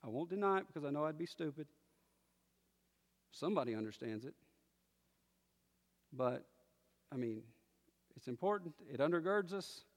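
A man preaching a sermon, moving from quiet musing to loud declaring. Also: fairly high pitch, animated, normal speed, pauses often, long reverb tail. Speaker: pastor.

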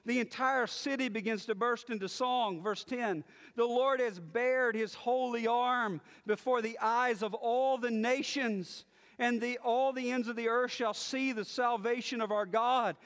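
A man preaching a sermon, moving from quiet musing to loud declaring. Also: extremely high pitch, steady tone, measured pace, long reverb tail. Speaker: pastor.

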